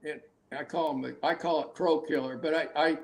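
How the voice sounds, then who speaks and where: A man's voice: fairly high pitch, steady tone, normal speed. An older man, a hunting guide, telling rambling stories in a casual interview, with many restarts and frequent laughter.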